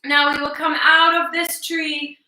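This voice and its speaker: Bright, high-voiced woman teaching small children. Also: level tone, roomy sound, rough recording. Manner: soft, encouraging and playful, with slow spoken affirmations. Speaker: children's circle time teacher. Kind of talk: gentle lesson for young children.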